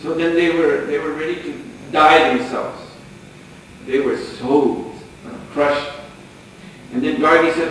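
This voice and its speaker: A man's voice: fairly high pitch, measured pace. Man telling a sacred story in an echoey hall. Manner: animated storyteller, chuckling often. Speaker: lecturer. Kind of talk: storytelling sermon. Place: lecture hall. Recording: echoey hall, distant mic, faint noise.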